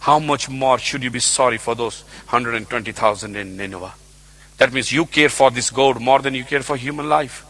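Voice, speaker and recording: A man preaching a sermon in a church, retelling scripture in his own words and swinging between loud exclamations and quiet asides. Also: mid-range voice, normal speed.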